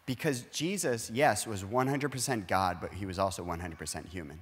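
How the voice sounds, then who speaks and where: A man's voice: on the low side, a little fast, in a large hall. A man speaking as a pastor in a conversational sermon, earnestly explaining and acting out everyday dialogue. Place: church auditorium.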